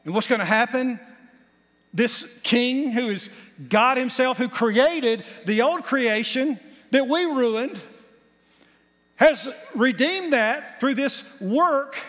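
A man's voice: very high-pitched, expressive, slow pace, long pauses, a bit bright. A man preaching a sermon as pastor, building to emphatic points with folksy asides. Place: church sanctuary. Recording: long hall reverb.

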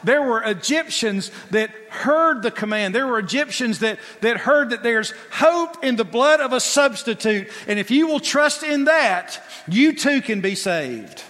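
A male preacher with a bright, high voice delivers an emphatic sermon at an unhurried pace. He leans on rhetorical questions aimed at the congregation, and a long hall reverb trails his words. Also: animated.

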